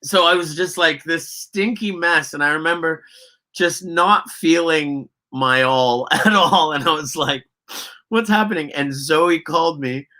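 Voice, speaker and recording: Canadian actor guest, bright voice, lively profane anecdotes in a chat interview. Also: male voice, a little high, a little slow. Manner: animated, profane, laughing storyteller. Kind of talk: casual interview storytelling.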